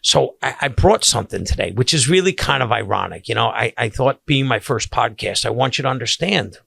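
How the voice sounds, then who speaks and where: Older Long Island man as podcast host, gravelly and bright, husky, casual storyteller. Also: mid-range voice, a little fast, no echo. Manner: animated storyteller with many restarts.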